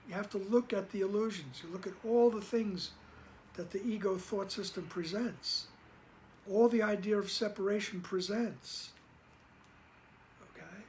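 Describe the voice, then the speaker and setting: A man with a fairly high voice talks through a spiritual passage in a calm, unhurried way, stopping often to check that his listeners follow. He drops to a soft, almost whispered tone when he paraphrases the text. A faint hiss sits under the recording. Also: low-quality recording. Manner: gentle, reassuring, checks in often with "all right?" and "okay?". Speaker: spiritual study reader and teacher. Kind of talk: casual spoken commentary on a reading.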